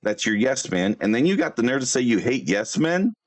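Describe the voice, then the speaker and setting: A brash man trash-talks rivals on his livestream, swearing freely and firing off fast bursts of insults. His pitch swings widely, jumping high when he gets worked up and dropping low as he mutters. He sits at his computer, talking into a desk mic. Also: sing-song. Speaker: livestream host. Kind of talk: livestream roast rant.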